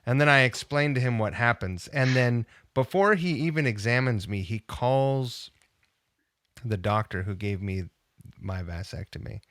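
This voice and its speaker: A man's voice: medium pitch, unhurried, dry recording, studio quality. A man telling a long story as a podcast guest, acting out the people he quotes. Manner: animated, acts out quoted voices. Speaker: podcast guest, punk guitarist. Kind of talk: casual storytelling.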